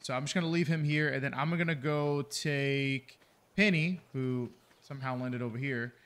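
A man's voice: mid-range voice, moderate pace, fairly bright tone. A young man giving casual, rambling let's-play commentary at his microphone, swearing freely and joking at his own expense. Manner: chatty and rambling, swears casually, jokes at himself. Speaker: gaming video creator.

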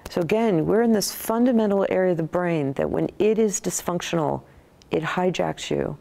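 A middle-aged woman neuroscientist recounting research in an interview, thoughtful and animated, with frequent restarts. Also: fairly low pitch, moderate pace, gravelly.

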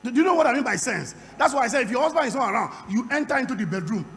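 A man preaching a sermon at a conference, moving from quiet storytelling to loud shouting. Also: very high-pitched, lively intonation, very fast. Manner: acts out dialogue in a conversational storytelling voice. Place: large conference hall. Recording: reverberant hall with faint hum.

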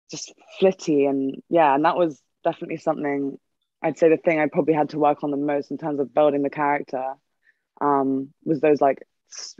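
A woman's voice: low-pitched, darkish tone, no echo. Rambling woman on a dull lo-fi call. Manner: rambling, many fillers and restarts, laughs often. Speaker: film cast member on a Q&A panel. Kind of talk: casual panel answer.

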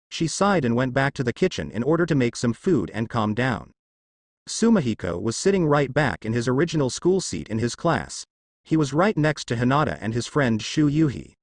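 Man narrating fan fiction, lively. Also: medium pitch, moderate pace, no echo, clean studio sound.

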